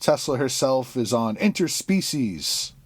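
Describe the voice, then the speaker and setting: A man's voice: medium pitch, big pitch swings, measured pace, no echo. A man co-hosting a podcast, recapping a comic book plot in casual chat with crude jokes and frequent laughs. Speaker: podcast co-host.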